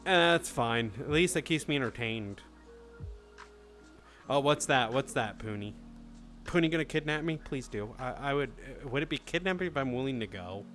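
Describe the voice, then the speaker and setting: A man's voice: medium pitch, animated, moderate pace, fairly bright tone, soft background music. A man in his thirties chatting casually on a live stream, swearing freely and answering chat.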